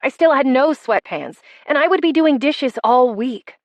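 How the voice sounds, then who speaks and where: A woman narrating a first-person romance audiobook with wry, expressive delivery. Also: high voice, measured pace, no room sound.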